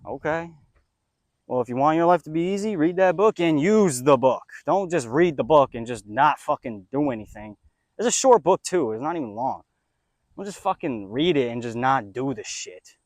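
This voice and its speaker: A young man rambles on about faith and manifesting, cursing often and swinging between loud, excited bursts and low mutters. His voice sits at an ordinary pitch. The sound is dry and close. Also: normal speed, dry recording. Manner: profane, excitable, drifts between loud rants and mumbles. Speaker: spiritual vlogger. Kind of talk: casual rambling monologue. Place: outdoors.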